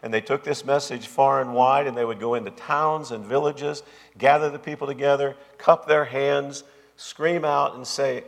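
Gravelly preacher in a big reverberant hall. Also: male voice, medium pitch, fairly even intonation, normal speed. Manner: emphatic, repetitive preaching cadence. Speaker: pastor. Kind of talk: sermon.

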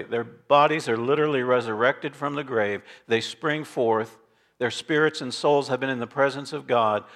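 A man preaching a sermon as pastor, reading scripture aloud and swinging between loud declarations and quiet asides. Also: mid-range voice. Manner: reads scripture aloud with emphasis.

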